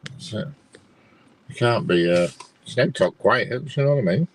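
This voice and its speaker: A man's voice: fairly low pitch, expressive, normal speed, a little hiss or hum, poor audio. A man, chatting casually on a live stream with many restarts, sounding bemused as he checks train diagrams. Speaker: co-host watching live train feeds.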